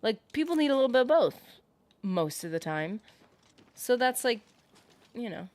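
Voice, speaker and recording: A woman's voice: fairly high pitch, very animated, moderate pace, a little mellow. A woman streaming a game, chatting casually with viewers in a rambling way, full of fillers, and reading out chat comments.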